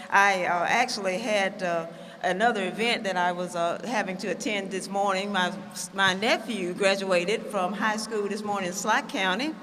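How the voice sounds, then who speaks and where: Woman doing a keynote in a big hall, bright voice, long echo, chatty and a bit flustered. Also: mid-range voice, slight background noise. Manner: chatty, self-deprecating, many fillers. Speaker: keynote speaker. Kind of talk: public speech. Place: conference hall. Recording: hall reverb, faint ambience.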